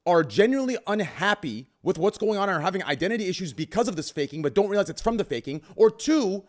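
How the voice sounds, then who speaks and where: A man's voice: sits high, sing-song, fast. Emphatic man arguing hard. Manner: emphatic, argumentative, swearing. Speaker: podcast host. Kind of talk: heated podcast debate.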